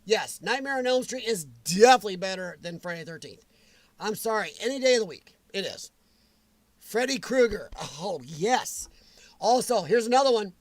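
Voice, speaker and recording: A man hosting a casual livestream, answering viewers' comments in a chatty, animated way with frequent chuckles. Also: sits high, brisk, no echo. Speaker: livestream host.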